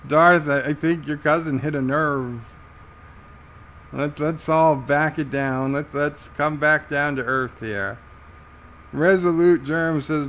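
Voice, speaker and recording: An American man hosting a casual live stream, reading chat messages aloud in an amused, halting way. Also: fairly high pitch, a bit bright, slight background noise. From United States. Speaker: livestream host reading chat.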